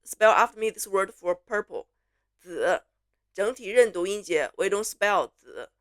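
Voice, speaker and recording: A woman's voice: mid-range voice, lively intonation. Chinese woman teaching Mandarin sounds. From Beijing, China. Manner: slow, clear model pronunciations switching between English and Mandarin. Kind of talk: language lesson, repeat-after-me drills.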